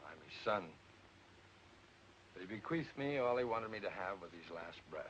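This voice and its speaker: A man's voice: lowish voice, lively intonation, normal speed, a bit bright. An actor playing an earnest, decisive young man who inherits a horse farm, in a 1940s film. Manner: earnest, decisive, plain-spoken. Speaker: horse owner. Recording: muffled old film soundtrack with faint hiss.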